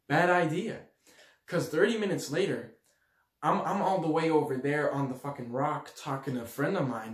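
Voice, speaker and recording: A young man from Switzerland telling a story to his audience in a slangy, animated way, acting out the quotes loudly. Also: on the high side. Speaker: vlogger. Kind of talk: storytelling to camera. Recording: echoey room.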